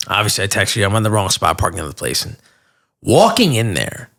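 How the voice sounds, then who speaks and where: A man's voice: on the low side, huge pitch swings, a little fast, vocal fry, fairly bright tone. A man hosting a podcast, asking long, rambling questions and reacting with eager enthusiasm. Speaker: podcast host. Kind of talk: casual podcast interview.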